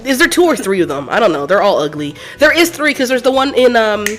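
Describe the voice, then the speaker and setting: A woman streaming a game, chatting casually in animated, profane banter and laughing often. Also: on the high side, quick pace, faint music behind. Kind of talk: casual let's-play chat.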